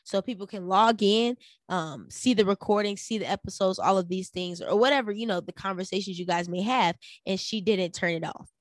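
A young adult woman hosting a solo podcast, giving animated opinion commentary with rhetorical questions aimed straight at her listeners. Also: medium pitch, fairly quick, dry recording, studio quality. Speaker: podcast host.

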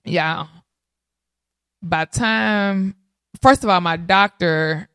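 A woman tells her story in a casual, animated way and keeps calling out to her listeners. Her voice sits fairly low for a woman. The recording is dry and close, with no room sound. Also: extremely slow, long pauses, clean tone, dry recording. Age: 30s. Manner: animated, addresses audience as y'all. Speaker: mother sharing birth story.

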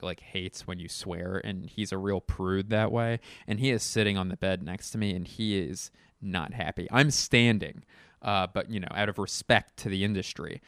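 A man's voice: lowish voice, fairly bright tone, no room sound, studio quality. A young adult man, a podcast host, at home telling a rambling, profane, self-mocking comedic story in casual monologue. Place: at home, in a bedroom.

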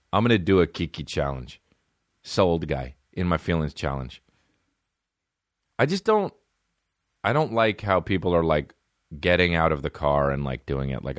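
A man hosting a solo comedy podcast, rambling and swearing as he riffs, bursting into quick mock voices. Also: low voice, dry recording, studio quality. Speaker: podcast host. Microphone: phone.

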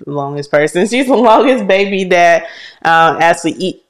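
Animated woman telling family stories. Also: on the low side, normal speed. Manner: animated storytelling, acts out quotes, laughs often. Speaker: podcast co-host. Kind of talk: casual chat.

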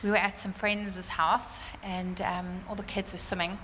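A woman telling a church congregation a personal testimony, animated and fervent, laughing often. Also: medium pitch, a little slow, slight background noise. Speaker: church speaker sharing a testimony. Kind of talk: sermon testimony. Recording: roomy church hall reverb, faint ambience.

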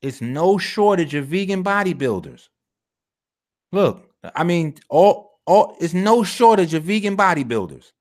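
The video host here has a high voice with big pitch swings and keeps a measured pace. He comments casually on clips, emphatic, slangy and profane, often repeating phrases for effect.

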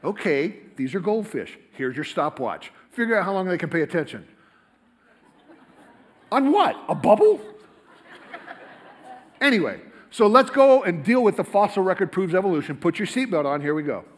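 A man giving a lively, rapid-fire, joking talk to a live audience in a lecture hall. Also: high-pitched. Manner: rapid-fire, animated, jokey, talks to the crowd. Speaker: creationist speaker.

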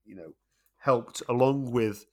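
A man's voice: medium pitch, slow pace. Man, middle-aged, podcast co-host, casual chat, emphatic. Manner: animated, emphatic, rising when worked up.

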